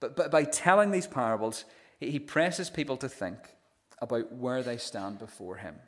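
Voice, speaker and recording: A man's voice: mid-range voice, moderate pace, fairly bright tone. Earnest male pastor preaching, stammering restarts. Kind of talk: sermon.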